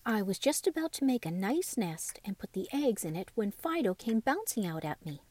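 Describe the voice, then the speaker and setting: A woman's voice: mid-range voice, sing-song, moderate pace, darkish tone, no room sound. A woman voicing a timid little male Easter bunny with a quavery voice in a storybook reading. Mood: gentle.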